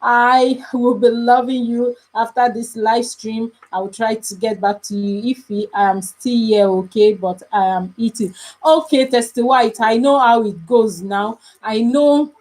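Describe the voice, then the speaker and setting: A woman's voice: fairly high pitch, steady tone, unhurried, darkish tone, poor audio. A young woman with a Nigerian English accent, chatting casually on a live stream as a mother, emphatic and repetitive, often pleading.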